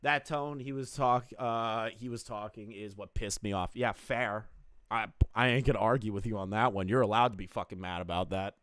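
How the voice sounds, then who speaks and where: A man's voice: fairly low pitch, fairly even intonation, moderate pace, fairly bright tone, dry recording. A man on a casual livestream reacting to online drama, swearing freely, joking and talking straight to his chat.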